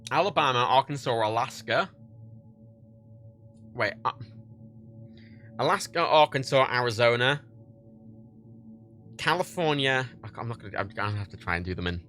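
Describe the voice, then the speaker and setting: A man's voice: mid-range voice, expressive, normal speed, long pauses, pushed and bright, faint music behind. A young man with a Liverpool accent, rambling and swearing casually on a livestream while reading chat, laughing often. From England.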